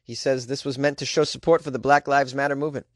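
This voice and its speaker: A man's voice: medium pitch, steady tone, fast talker, dry recording, studio quality. Sarcastic American man riffing on news. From United States. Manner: sarcastic, mocking, frequent laughs. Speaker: host of a weird news segment. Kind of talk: sarcastic comedic news commentary.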